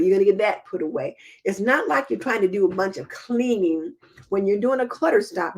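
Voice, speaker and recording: A middle-aged woman hosting a home show in casual live-stream chat, reading viewer comments and answering in a chatty, homey, practical way. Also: medium pitch. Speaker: host.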